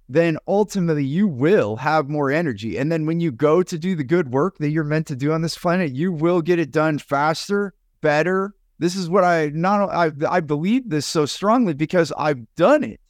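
A middle-aged man co-hosting a casual podcast, telling stories in an earnest, animated way. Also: on the high side, no echo, clean studio sound. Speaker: podcast co-host.

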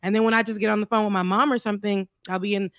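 A woman from Florida with a Floridian accent, co-hosting a casual panel chat in an animated, playful way and laughing often. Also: medium pitch, rapid-fire, no echo, studio quality. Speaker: panel co-host.

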